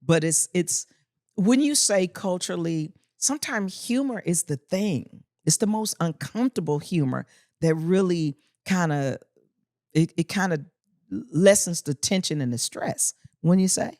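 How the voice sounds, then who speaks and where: Animated woman comedian telling stories. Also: fairly low pitch, measured pace, no room sound, studio quality. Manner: animated, punchy storyteller with earthy humor. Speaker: guest comedian. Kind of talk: casual podcast chat, storytelling.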